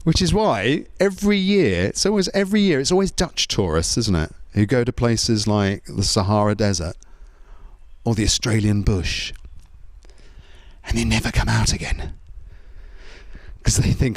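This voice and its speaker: A man doing a stand-up comedy routine, chatty, leaning on tag questions and stumbling into quick restarts. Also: mid-range voice, expressive, no room sound.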